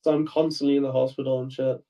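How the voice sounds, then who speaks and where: A man on a video chat, answering in a hesitant way with a lot of pauses and ums. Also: medium pitch, little pitch movement, mellow, distant mic, rough recording. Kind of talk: casual chat.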